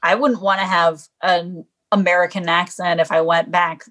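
A woman's voice: fairly low pitch, little pitch movement, moderate pace, fairly bright tone. A woman chatting frankly on a podcast, laughing often. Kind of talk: casual podcast banter.

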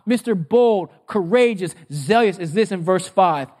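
High-voiced man preaching a sermon. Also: lively intonation. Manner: preaching with rhetorical fill-in questions to the congregation; emphatic, with sudden bursts of speed and drawn-out phrases. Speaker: pastor.

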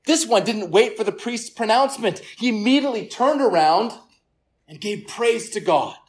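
In a church service room with listeners, a pastor preaches to a gathered congregation at a medium pitch. He is earnest, often repeats words, and falls quiet for emphasis.

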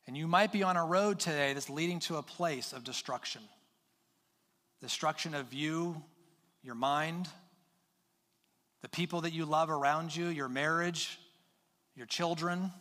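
A pastor delivers an earnest, urging sermon in a slightly higher-than-usual man's voice. He leans on pauses and repeats words for weight, and his voice rings out with the long reverb of a church hall. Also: pushed and bright.

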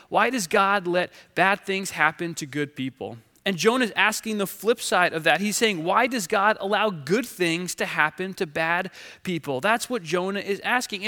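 A man's voice: high-pitched, sharp tone. A man preaching a sermon from a stage, telling the story earnestly with frequent restarts. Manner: earnest storytelling with many restarts and acted quotes. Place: large hall with stage. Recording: long hall reverb.

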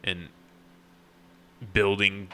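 A man hosting a casual podcast, teasing his guest in a dry, deadpan way. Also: deep voice, very slow, clean tone. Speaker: podcast host. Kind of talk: casual chat.

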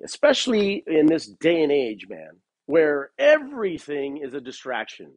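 Casting: man, podcast host, husky voice, lively up-and-down pitch, dry close sound, casual profane rambling. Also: normal speed, hardly any pauses, dry recording. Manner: rambling, profane, full of fillers like "man" and "dude". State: has a cough. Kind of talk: casual solo podcast rant.

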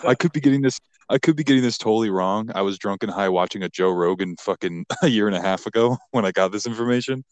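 A man's voice: lowish voice, fast talker, hardly any pauses, smooth, dry recording. A man co-hosting a podcast in crude casual banter, rambling with lots of fillers and frequent laughter. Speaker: podcast co-host.

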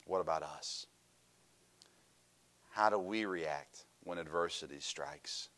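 A middle-aged man preaching a sermon, animated and storytelling, swinging from loud emphasis to quiet asides. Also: sits low.

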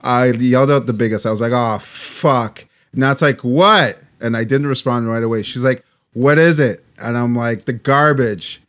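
Animated storytelling man. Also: medium pitch, fairly quick, few pauses. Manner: animated storyteller, swearing, laughing. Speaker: podcast co-host. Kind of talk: casual chat.

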